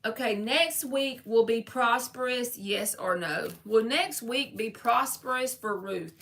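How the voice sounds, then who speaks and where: A woman's voice: a little high, a little slow, creaky, a bit bright. A woman giving a live-stream tarot reading, talking casually and straight to her viewers in slangy everyday speech. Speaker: tarot reader.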